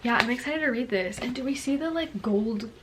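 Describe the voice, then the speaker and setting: The recording is very noisy as a young woman with a fairly high voice talks briskly to the camera. She's a bubbly, chatty book vlogger whose speech is packed with "like" and "girlie."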